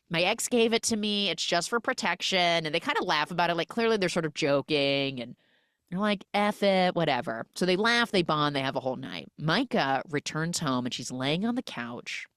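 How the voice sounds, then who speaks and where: A woman with a notably low voice recaps a movie scene by scene, slipping into lively quoted voices for each character. Her speech sounds dry and close, with no room around it. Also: no room sound. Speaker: podcast host recapping a film. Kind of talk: animated casual retelling.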